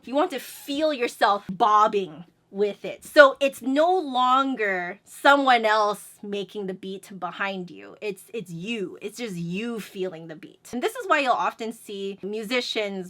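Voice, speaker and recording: Bright, chatty woman music teacher. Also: medium pitch. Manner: explains then sings syllables to demonstrate beats; chatty and energetic. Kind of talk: instructional video lesson.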